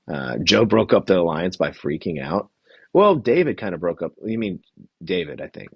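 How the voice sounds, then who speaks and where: Low husky-voiced man recapping a show. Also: sing-song, moderate pace, no room sound, dull audio. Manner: rambling, chatty, reads from notes and greets chat. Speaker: podcast host recapping a reality show. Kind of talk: casual livestream recap.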